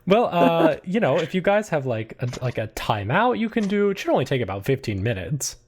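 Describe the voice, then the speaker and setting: Man voicing a big chatty demon, raised pitch, quick breezy rambling, tabletop game. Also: big pitch swings. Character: chatty easygoing big male demon on the phone.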